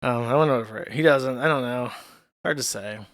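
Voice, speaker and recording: A man's voice: mid-range voice, a bit bright, no room sound, studio quality. A man hosting a livestream in a casual chat style, reading out donation messages in an offhand, sardonic way. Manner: offhand and sardonic, with quick laughs. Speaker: host.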